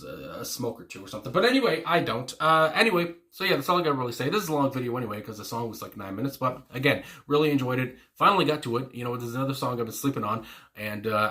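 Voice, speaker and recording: A man hosting a music reaction video talks in a loose, rambling way, full of fillers and restarts. His voice is bright and a little tense and sits at an ordinary pitch. His delivery comes across as eager and gushing. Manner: gushing, enthusiastic. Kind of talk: casual reaction commentary.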